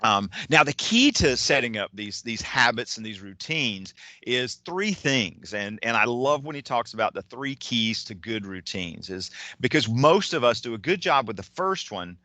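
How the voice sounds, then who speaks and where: A man's voice: mid-range voice, animated, normal speed, bright, forceful tone, no room sound. A man giving a motivational keynote talk, enthusiastic and digressive, often restarting his sentences. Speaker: keynote speaker. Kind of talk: motivational talk on time management.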